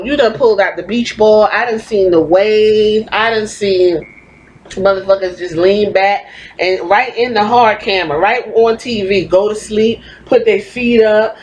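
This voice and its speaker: A woman's voice: mid-range voice, slight background noise, poor audio. Blunt, profane woman ranting. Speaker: podcast host. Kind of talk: opinionated podcast rant.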